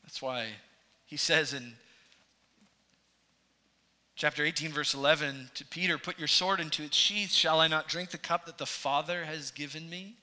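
A man preaching an expository sermon, his voice rising to emphatic peaks and dropping low. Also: moderate pace, long pauses, bright, forceful tone. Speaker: pastor.

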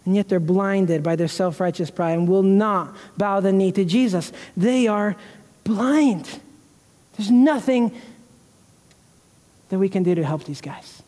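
High-voiced preaching man in a reverberant church. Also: measured pace, mellow. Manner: earnest, emotional preaching with repeated restarts. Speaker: pastor. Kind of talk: sermon. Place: church sanctuary.

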